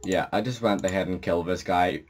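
A man's voice: low voice, fairly even intonation, fairly quick. A man with a groggy morning voice, giving casual, rambling commentary while he plays a game. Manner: rambling, casual, swears when startled. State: groggy morning voice, just out of bed. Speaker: gameplay commentator. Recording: noisy home mic with keyboard clicking.

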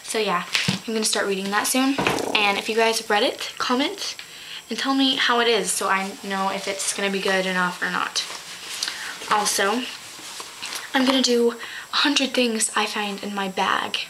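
A woman's voice: mid-range voice, normal speed, noisy background. A teenage girl vlogging casually to her webcam, chatty and giggly, often stopping to correct her own slips. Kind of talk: casual chat to camera.

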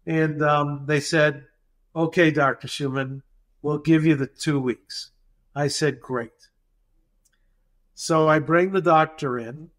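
A man's voice: fairly high pitch, slow, pauses often. A man, a dental practice consultant, retelling an anecdote in a podcast interview and acting out the dialogue as he goes. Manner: animated, acts out dialogue in the retelling.

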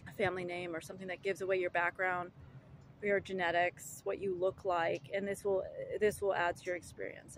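A woman's voice: medium pitch, slight background noise, low-quality recording. A woman delivering an indignant, argumentative monologue, full of rhetorical questions, fillers and restarts. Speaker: vlogger.

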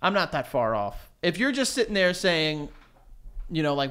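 A man's voice: on the high side, sing-song, normal speed, sharp tone. A man chatting casually as a podcast guest, playful and joking, who breaks into an improvised rap. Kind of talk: casual chat.

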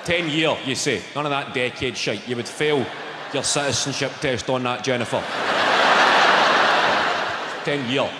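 A man with a Glaswegian accent doing stand-up, swearing and bantering with the crowd in animated bursts. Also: medium pitch, fairly quick. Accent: Scottish, Glaswegian. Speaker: stand-up comedian. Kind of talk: stand-up routine. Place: large indoor comedy venue. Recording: echoey live venue, loud audience noise. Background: audience laughter.

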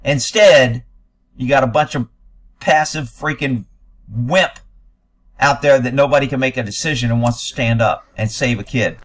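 A man's voice: mid-range voice, normal speed. A man giving blunt, sarcastic, profane commentary while reacting to news footage.

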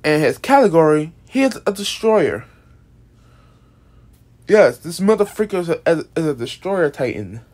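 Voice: medium pitch, very animated, moderate pace, pauses often, a little mellow. Rambling, swearing, tired monster-character explainer. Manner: rambling, restarts often, swears casually. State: tired, yawning. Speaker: video creator presenting an original monster character. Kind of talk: casual unscripted explainer.

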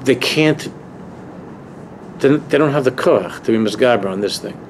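A man's voice: mid-range voice, animated, moderate pace, a little hiss or hum. A man, a rabbi, teaching a Torah class to students in an emphatic, repetitive way that builds to impassioned peaks. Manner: emphatic, repeats key phrases, rising to impassioned peaks. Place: university lecture room.

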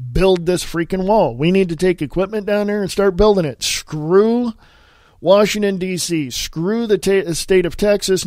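A man's voice: high voice, darkish tone, no echo, studio quality. A man hosting a casual political podcast, with a stuffy nose, talking in a blunt, heated and profane way. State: stuffy nose from sinus infection and allergies. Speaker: podcast host.

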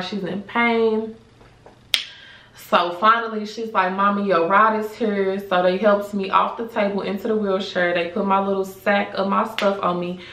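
A woman's voice: medium pitch, a bit bright, far from the mic, slight background noise. A young woman telling a story in a casual vlog, candid and profane, saying "like" constantly. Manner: candid and profane, heavy filler "like". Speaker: vlogger. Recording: roomy echo, voice set back from the mic.

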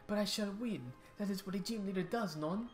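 A flamboyant, pompous gym leader with an exaggerated mock French accent, put on by a man reading a game's lines. He speaks a little higher than usual, halting and grand. Faint music plays underneath. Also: close to an everyday voice. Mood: grandiose.

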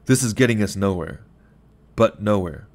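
A man doing a calm gray-haired man. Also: on the low side. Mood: firm. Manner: measured, patient, quietly firm.

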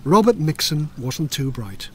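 A man's voice: fairly high pitch, big pitch swings, unhurried, darkish tone, soft background music. Playful older man telling a children's story. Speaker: author reading his own book. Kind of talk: audiobook narration for children.

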